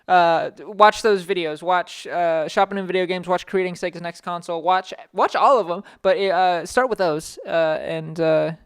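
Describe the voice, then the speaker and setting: A man's voice: sits high, fairly even intonation, normal speed, hardly any pauses, a bit bright, smooth, no echo, studio quality. A young man hosting a podcast in casual chat, rambling with frequent restarts and self-interruptions. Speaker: podcast host.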